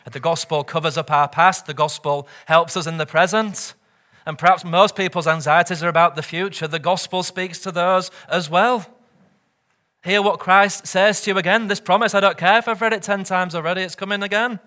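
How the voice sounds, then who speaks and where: A male pastor preaching to his congregation with a bright, somewhat high voice. He speaks earnestly and keeps turning statements into rhetorical questions. He swells louder on scripture and drops nearly to a murmur at the ends of phrases. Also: steady tone, normal speed. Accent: British or Commonwealth English. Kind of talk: sermon.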